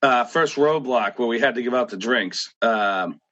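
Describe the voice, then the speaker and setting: A man's voice: medium pitch, moderate pace, fairly bright tone, muffled recording. A man with a Boston accent, a podcast guest telling race stories in casual conversation and laughing often.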